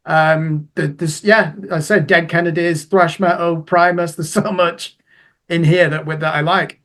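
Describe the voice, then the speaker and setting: A man's voice: fairly high pitch, little pitch movement, measured pace, fairly bright tone. A man chatting as co-host of a music review show, rambling and self-deprecating. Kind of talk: casual music review chat.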